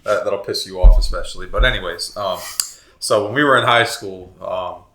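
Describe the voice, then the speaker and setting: A man's voice: low-pitched, moderate pace, sharp tone, reverberant. A young man from co-hosting a podcast, joking crudely and laughing at his own lines. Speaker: podcast co-host. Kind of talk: casual chat.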